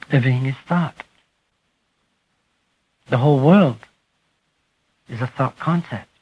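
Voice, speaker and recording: A husky-voiced man gives a spiritual talk to a gathered group, leaning into key words and letting each phrase sink quietly at its end. The recording sounds muffled and lo-fi, like an old archive tape. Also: mid-range voice. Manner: slow, emphatic, trailing off softly at phrase ends. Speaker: speaker addressing a group. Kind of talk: spiritual talk to a live audience.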